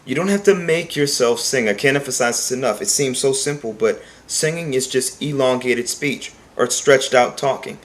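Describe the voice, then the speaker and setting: A man's voice: mid-range voice, moderate pace, few pauses. Male vocal coach, mid-range voice, earnest and emphatic teaching delivery. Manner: talks plainly and sings short demonstration phrases; earnest, repeats points for emphasis. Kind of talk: singing lesson.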